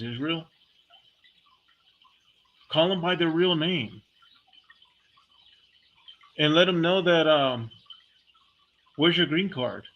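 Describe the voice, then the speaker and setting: A man delivering a heated, blunt, profane monologue as a vlogger, talking casually and speaking his mind. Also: on the high side. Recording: dull lo-fi recording.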